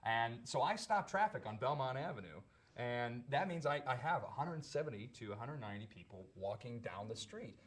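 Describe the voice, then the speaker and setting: A man, an actor guest on a talk show, telling a story in a lively way with frequent stumbles and restarts. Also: medium pitch, moderate pace.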